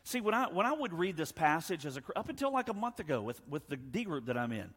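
A man preaching a sermon as pastor, emphatic, swinging between loud and hushed, acting out the dialogue of scripture. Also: a little high, sing-song, fast, slightly rough, big-room sound.

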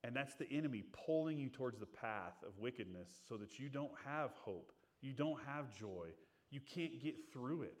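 Man, pastor, sermon, earnest and conversational, middle-aged, medium pitch. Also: expressive, moderate pace. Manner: earnest, conversational preaching, acting out quoted voices.

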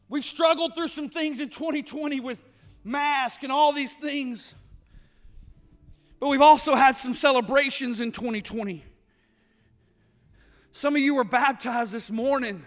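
A man's voice: very high-pitched, a bit bright. A man preaching a sermon, building up with repeated phrases and rhetorical questions. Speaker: pastor.

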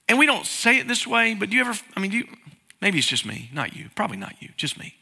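A man's voice: very high-pitched, very animated, a little fast, gravelly, sharp tone. A man preaching a conversational sermon, asking the congregation questions and acting out inner voices. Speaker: pastor. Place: church sanctuary. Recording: long hall reverb.

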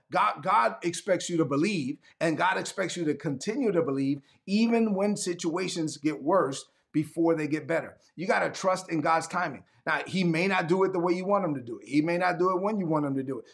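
A man preaching a sermon, emphatic and repetitive, calling for responses and building to shouts. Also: on the high side, creaky. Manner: calls for audience response.

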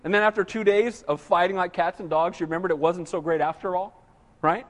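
High-voiced pastor preaching in a reverberant hall. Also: male voice, steady tone, brisk. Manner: conversational preaching with rhetorical questions and humor. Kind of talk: sermon.

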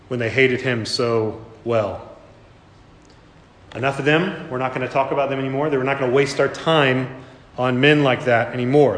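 A man's voice: on the high side, a bit bright. A male pastor giving a sermon, telling the scene vividly and acting parts of it out, in a church. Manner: vivid storytelling, acts out scenes. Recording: echoey hall.

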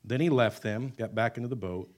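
A man preaching a sermon to his church, mid-pitched and conversational. He rises to loud, emphatic declarations, then falls to hushed, slowed-down phrases. Humorous asides break up the preaching. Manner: wide swings between loud emphatic lines and quiet, drawn-out words. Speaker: pastor.

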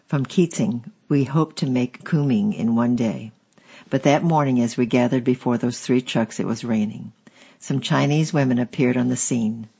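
Husky man narrating a memoir. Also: mid-range voice, muffled recording. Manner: steady, measured storytelling. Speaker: audiobook narrator. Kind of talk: audiobook reading of a memoir.

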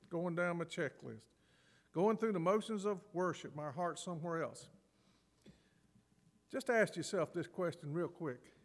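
A man preaching a sermon as pastor, animated and acting out scripture scenes with laughs. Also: high voice, in a large hall.

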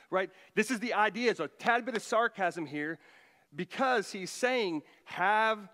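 A middle-aged man preaching a sermon as pastor, emphatic, his voice rising loud for quoted commands. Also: high-pitched, unhurried, long reverb tail.

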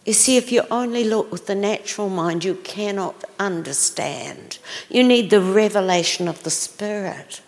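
Woman preacher, gravelly voice, exclaiming and quizzing the congregation, long hall reverb. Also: medium pitch, moderate pace. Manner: exclaiming, questions the audience. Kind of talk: sermon storytelling.

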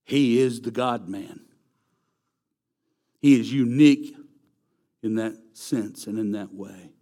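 A man's voice: on the low side, slow, warm tone. A man preaching a sermon, emphatic and repeating key phrases for stress. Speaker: pastor.

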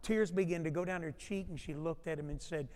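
A male pastor with a notably high speaking voice delivers a storytelling sermon. He rises and swells in volume as he acts out what people said. His voice rings out with a long reverb, as in a large church sanctuary. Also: fairly quick, a little mellow. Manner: storytelling preacher who swells in volume when acting out quotes.

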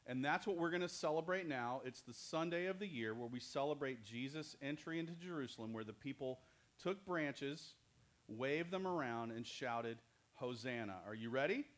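Speaking at an ordinary pace in a mid-range voice, a man runs a lighthearted Bible lesson for children. Along the way he jokes and keeps putting questions to the kids.

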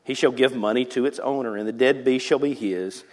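A man's voice: medium pitch, a little fast, a little mellow, long reverb tail. A man in his forties from the South, preaching a sermon and telling a family story with laughter and acted-out voices. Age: 40s. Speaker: pastor. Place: church sanctuary.

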